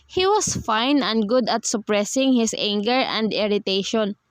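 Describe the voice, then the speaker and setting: A woman reading a first-person romance novel aloud in a steady, even delivery. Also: fairly high pitch, measured pace, smooth, dry recording. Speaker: audiobook reader.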